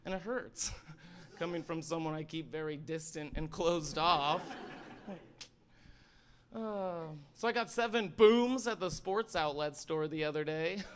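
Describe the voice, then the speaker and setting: A young man performing a stand-up comedy set, animated and shouting punchlines. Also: a little high, clean tone. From Sandpoint, Idaho. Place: stage in a library event hall.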